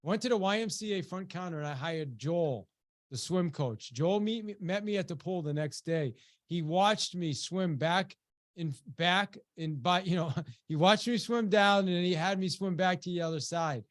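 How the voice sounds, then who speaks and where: A webinar presenter and business coach tells an audience a personal, motivational story in a lively, conversational way, with many restarts and "you know"s. His voice sits high at a normal speed, and he acts out quoted voices, rising sharply when quoting a shout.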